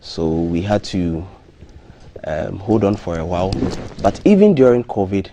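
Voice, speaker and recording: A man with a very low, dark, mellow voice. He talks through the facts at an even, measured pace, with ums and restarts along the way. There is a faint hum in the background of the studio recording. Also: highs cut off. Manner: measured, plain promotional talk with frequent ums and restarts. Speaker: hotel marketing manager, studio guest. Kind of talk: live TV breakfast show interview.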